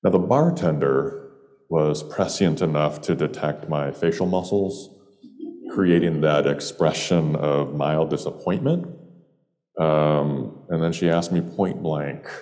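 A man's voice: very deep voice, slow pace, a little mellow, in a large hall. A man from upstate New York telling a humorous personal story in a wry, meandering way with playful digressions. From Jamestown, New York, US.

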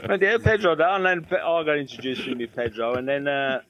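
A man, a guitar tech guest, telling rambling road stories in casual chat and dropping into quick impressions. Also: on the high side, steady tone, a bit bright, low-quality recording.

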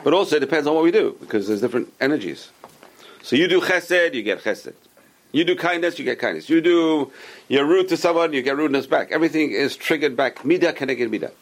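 A man leads a casual Torah lesson in a voice with a gravelly rasp. He explains patiently, repeats his key points and poses questions only to answer them himself. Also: on the high side, animated, fast. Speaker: rabbi teaching a class.

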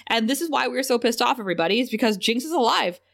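A woman's voice: on the high side, expressive, quick pace, vocal fry. A woman co-hosting a casual podcast, walking through an episode scene by scene. She laughs easily and throws herself into quoting characters with exaggerated voices. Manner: laughing often, acting out lines in playful voices. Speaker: podcast co-host. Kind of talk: casual chat recapping a TV episode.

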